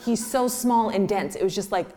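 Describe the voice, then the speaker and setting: A woman speaks at a live question-and-answer session, sharing personal stories with candid, animated energy. She often breaks into laughter mid-story and acts out the voices of people she quotes. Her talk is casual and full of "like". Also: medium pitch, normal speed, loud music behind the voice. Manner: heavy use of "like" as filler.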